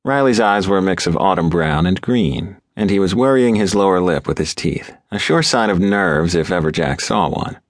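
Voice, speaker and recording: A man reading a novel aloud as an audiobook narrator, in a measured, deliberate way. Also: sits low, animated, no echo, clean studio sound. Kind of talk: scripted narration.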